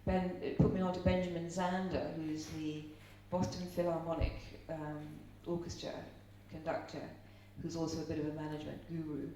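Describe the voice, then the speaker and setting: Low-pitched and mellow, the middle-aged Irish seminar speaker keeps a level tone at normal speed, barely pausing. Her live talk is chatty and story-driven, with questions to the audience. The recording has a roomy echo and faint hum, with the mic far away.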